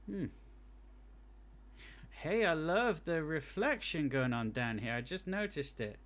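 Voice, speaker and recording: A man's voice: on the high side, lively intonation, takes it slowly, fairly bright tone. A man streaming live gameplay, thinking aloud in a chatty way and adding technical asides about game effects.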